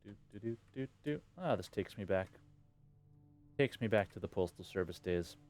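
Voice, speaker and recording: A man's voice: on the low side, lively intonation, moderate pace, a little mellow, soft background music. A man streaming a video game live, muttering and reading on-screen text aloud with slangy jokes. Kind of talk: casual live gameplay commentary.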